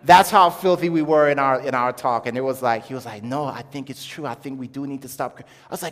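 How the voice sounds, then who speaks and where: A young adult man giving an animated testimony sermon as a preacher, acting out quoted voices as he tells his story. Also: medium pitch, fairly quick. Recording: long hall reverb.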